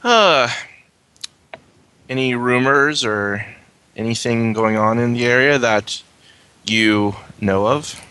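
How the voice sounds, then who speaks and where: A man playing in a tabletop game, speaking in character in a hesitant, deliberate way. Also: mid-range voice, pushed and bright, smooth. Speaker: player.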